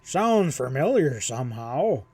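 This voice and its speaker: Man doing a gruff old one-eyed cowhand. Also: medium pitch, very animated, unhurried, mellow, heavily acted. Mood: puzzled. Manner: gruff, grumbling, indignant.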